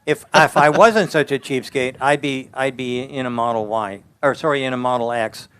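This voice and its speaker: An older man, an automotive engineering expert, giving blunt, folksy interview answers and getting animated when he tells a story. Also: medium pitch, moderate pace, clear, resonant tone.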